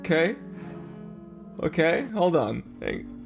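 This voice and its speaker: A man with a rough, gravelly voice rants casually, cursing and restarting his sentences as he goes. Faint music plays behind him. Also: a little high, very animated. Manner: profane, halting, restarts mid-phrase. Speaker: podcast co-host. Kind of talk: casual livestream chat.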